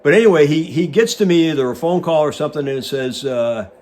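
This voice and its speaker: A man in his sixties, a retired Navy pilot hosting, casually telling an animated anecdote and acting out the dialogue. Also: fairly high pitch, quick pace. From United States. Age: 60s. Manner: animated storyteller who acts out quoted dialogue.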